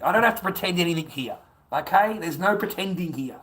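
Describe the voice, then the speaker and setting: A man's voice: high voice, a little fast, fairly bright tone. A middle-aged man ranting crudely on a livestream, rambling, swearing and laughing. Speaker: livestream host. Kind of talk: ranting casual livestream chat.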